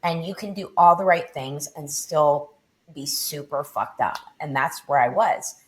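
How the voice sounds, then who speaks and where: Low-voiced woman telling a raw story. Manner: intense, swearing, low and deliberate. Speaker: podcast guest. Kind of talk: candid personal storytelling.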